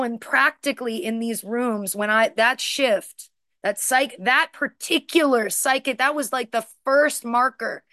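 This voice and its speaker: A woman's voice: a little high, a bit bright, dry recording, studio quality. Emotional woman sharing her recovery story. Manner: searching, repetitive, emotional, with many restarts. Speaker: recovery speaker. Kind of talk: personal share talk.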